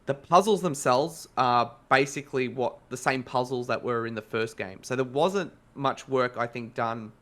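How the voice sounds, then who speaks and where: A man's voice: mid-range voice, normal speed, hardly any pauses, fairly bright tone. A man with an Australian accent, co-hosting a casual podcast and reviewing a game in a rambling, self-correcting way.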